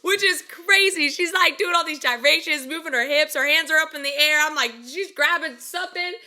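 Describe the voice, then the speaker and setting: A woman with a high, bright voice tells stories in a lively, casual vlog. She is animated and laughs often between her lines. The tone stays bright and energetic throughout. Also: brisk. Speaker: vlogger and music creator.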